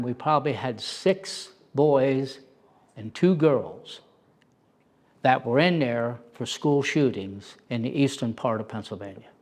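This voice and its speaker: Animated middle-aged male storyteller. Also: medium pitch. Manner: animated, acts out quoted voices loudly. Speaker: interview guest, former prison officer. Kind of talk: storytelling in a conversation.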